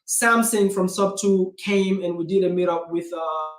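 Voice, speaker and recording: A man hosting his own video, giving casual, energetic real estate advice straight to viewers and calling them guys. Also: high-pitched, moderate pace, echoey room. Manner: energetic, direct, keeps calling viewers 'guys'. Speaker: real estate investor and channel host. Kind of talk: casual motivational vlog talk. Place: indoor room with a self-made backdrop.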